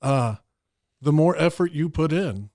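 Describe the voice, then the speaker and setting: A man's voice: on the high side, expressive, measured pace, a little mellow, no echo, clean studio sound. A man hosting a podcast interview, enthusiastic and eager to sum up and connect his guest's ideas. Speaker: podcast host. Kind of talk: casual interview talk.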